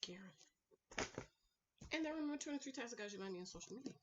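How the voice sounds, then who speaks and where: A woman's voice: fairly high pitch, lively intonation, quick pace, muffled recording, noisy background. A woman recording a casual, sassy recap vlog at home, chatting to her viewers and calling them y'all, honey and girl. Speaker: reality TV recap vlogger.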